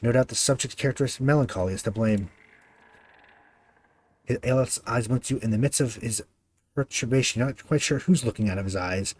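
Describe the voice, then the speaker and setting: A man's voice: mid-range voice, fairly quick, long pauses, darkish tone. Man reading game text with offhand asides. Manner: offhand, self-deprecating asides. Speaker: streamer playing a story game.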